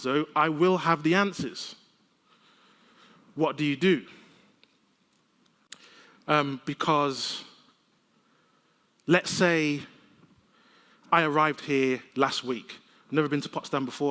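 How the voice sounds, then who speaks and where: A man giving a conference keynote, telling lively, conversational stories with humor. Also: fairly high pitch. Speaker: keynote speaker. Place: large conference hall. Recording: long reverb of a conference hall.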